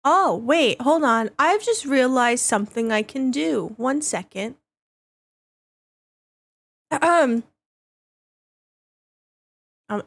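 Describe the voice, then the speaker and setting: A woman livestreams a game, chatting casually with her viewers in a slightly high, slow voice with vocal fry and long pauses. She's giggly and excitable and laughs a lot.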